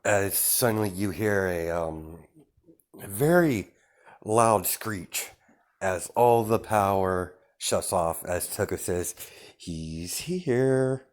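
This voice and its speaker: A man's voice: sits low, slow. A young man improvising a fan fiction story, rambling with many fillers and restarts.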